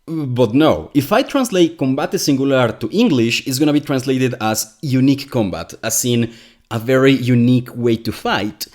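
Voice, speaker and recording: A man's voice: mid-range voice, moderate pace, a little mellow. A man whose first language is Spanish, hosting a scripted commentary with a wry, exasperated manner. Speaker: commentary video host.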